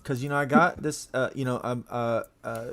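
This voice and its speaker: A man's voice: mid-range voice, fairly even intonation, moderate pace, background noise. A man chatting casually as a guest on a livestream, joking and tripping over his words. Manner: jokey, stumbles over words, tired.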